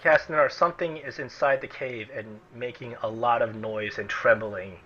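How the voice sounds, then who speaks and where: A man narrating as game master of a tabletop game, animated and breaking into chants and shouts. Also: mid-range voice, moderate pace. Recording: dull lo-fi recording with music.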